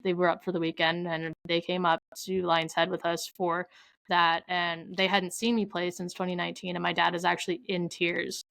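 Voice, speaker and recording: A woman's voice: lowish voice, little pitch movement, moderate pace, vocal fry, fairly bright tone, no room sound, poor audio. A young adult woman from Canada, a podcast guest telling stories in casual, rambling chat, full of "like" and quoted asides. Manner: chatty storyteller, heavy use of "like".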